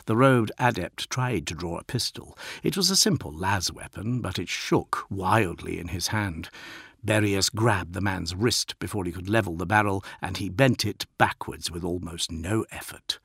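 A man narrating an audiobook in a steady, dramatic reading. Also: low voice, normal speed, creaky, slightly rough, no room sound, studio quality.

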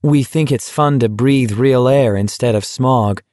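A man's voice: mid-range voice, measured pace, a little mellow, no echo, studio quality, close to an everyday voice. A man voicing a stubborn, touchy young man from a small town, speaking bluntly and dryly.

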